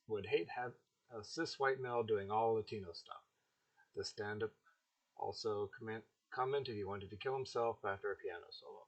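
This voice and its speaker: A man's voice: on the low side, fairly bright tone, poor audio. A man hosting his own commentary show, reading an article aloud with frequent stumbles, restarts and casual asides. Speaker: host.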